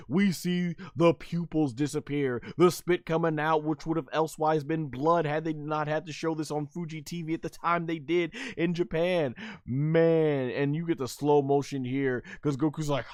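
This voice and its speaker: A high, smooth male voice, recorded dry and close. He narrates an anime episode scene by scene in a casual, hyped-up way. He keeps jumping into the characters' lines and cries, with lots of "uh" and "like" between them. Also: moderate pace, few pauses, no room sound. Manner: animated, acts out characters' lines, many fillers. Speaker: anime reviewer. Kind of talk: excited anime episode commentary.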